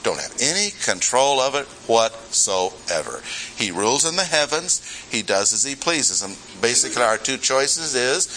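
A man delivers a sermon with a bright, forceful voice. He moves easily between scripture and folksy asides and asks his listeners questions. A faint hiss of noise sits behind him. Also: medium pitch, very animated, normal speed, low-quality recording. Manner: conversational, with rhetorical questions and humorous asides. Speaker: preacher. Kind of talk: expository sermon.

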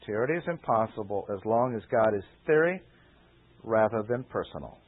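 A man preaching, giving a deliberate expository Bible lesson and repeating key phrases for emphasis. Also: fairly low pitch, lively intonation, slightly rough. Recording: tinny phone-like old radio recording.

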